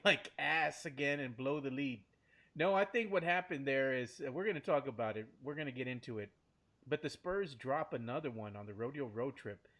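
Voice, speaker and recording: A man hosts a sports podcast from a studio, laughing and joking as he talks. His voice sits a little high for a man. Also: a bit bright. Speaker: podcast host. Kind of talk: casual sports podcast chat.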